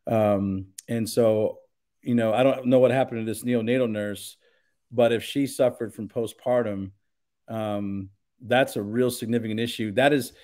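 Male pastor guest, mid-pitched, earnest and emphatic, casual talk. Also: fairly even intonation, moderate pace, a little mellow. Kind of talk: casual podcast conversation.

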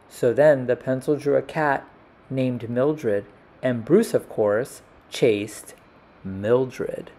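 A man reading a children's picture book aloud, slowing down and lifting his voice for the characters' lines. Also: mid-range voice. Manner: slow, lively character voices in dialogue. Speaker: storyteller.

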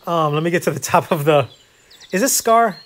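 Hosting a casual gameplay video, this man speaks at a normal speed in an animated voice on the high side. He rambles, pokes fun at himself, and leans on plenty of fillers.

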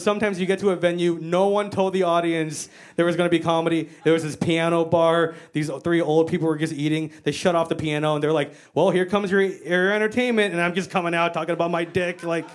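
A woman's voice: fairly low pitch, steady tone, a little fast, a little hiss or hum. An American woman doing a stand-up comedy set on stage, brash, profane and self-mocking. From United States. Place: comedy stage before a live audience.

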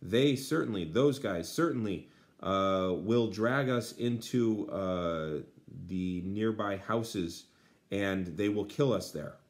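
A man voicing a frightened boy warning of robbers, read aloud from a translation. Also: lowish voice. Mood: alarmed. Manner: read aloud, slowing in places.

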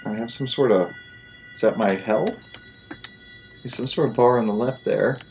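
A man's voice: mid-range voice, normal speed, darkish tone, highs cut off, soft background music. A man hosting a let's play, joking and talking to the game as he plays. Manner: jokey, talks to the game. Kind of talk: gameplay commentary.

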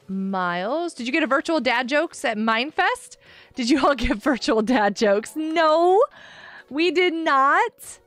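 A woman streamer chats through her game with a high, bouncing voice that swoops up and down, giggling often as she answers her viewers. Light music plays faintly behind her. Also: lively intonation, takes it slowly, fairly bright tone, no echo. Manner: giggly, chatty, reading chat aloud. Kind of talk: live game stream chat.

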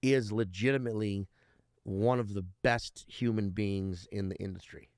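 A man's voice: fairly low pitch, fairly even intonation, normal speed, darkish tone, smooth, no room sound, studio quality. A man in his thirties, a comedian guest, telling rambling stories in casual interview chat and swearing constantly. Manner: heavy swearing, rambling storyteller.

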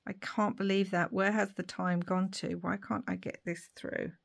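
A woman making a papercraft tutorial at her craft desk, thinking aloud as she works, with fillers and soft whispered asides. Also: mid-range voice, flat delivery, normal speed, vocal fry. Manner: drops to soft whispers between remarks. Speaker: papercraft vlogger.

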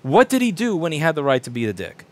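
Male shop owner, 30s, casual profane rant, lively pitch and slightly high voice. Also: fast. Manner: animated, profane, acts out quoted people in shifting voices. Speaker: repair shop owner and channel host.

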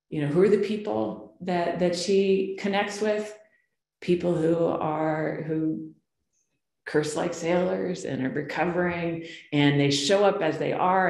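A woman pastor preaching a conversational sermon, telling stories with asides and rhetorical questions. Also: sits low. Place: church sanctuary. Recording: echoey church sanctuary.

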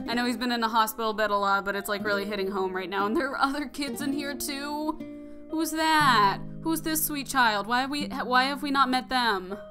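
A young woman hosting a let's play, reacting to the story in an expressive, gushing way. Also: fairly high pitch, normal speed. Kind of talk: emotional gameplay commentary. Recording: music playing underneath.

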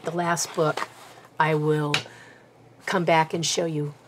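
A woman with a somewhat low voice talks through her craft project while she works with her hands. She is chatty and pokes fun at herself, a little out of breath, with faint noise under the recording. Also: flat delivery, slow. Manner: chatty and self-deprecating, talking while working with her hands. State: slightly out of breath. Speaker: crafter demonstrating bookbinding. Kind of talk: casual craft tutorial chat.

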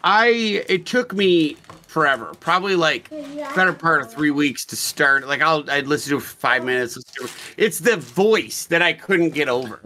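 A man's voice: a little high, lively intonation, normal speed, sharp tone, a little hiss or hum. A man co-hosting a podcast, talking casually about a book in a rambling, profane way that keeps interrupting itself. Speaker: podcast co-host.

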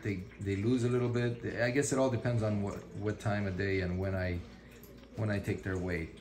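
A man's voice: low voice, fairly even intonation, moderate pace. A man who breeds dogs, chatting casually on a vlog and talking fondly to puppies, filmed on a handheld camera indoors. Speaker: dog breeder. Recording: noisy home video.

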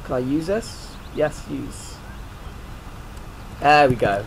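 A man's voice: mid-range voice, expressive, takes it slowly, vocal fry, pauses often, a little hiss or hum, low-quality recording. A man giving let's play commentary, jumpy and prone to swearing, yelping and shrieking when startled. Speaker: gaming YouTuber.

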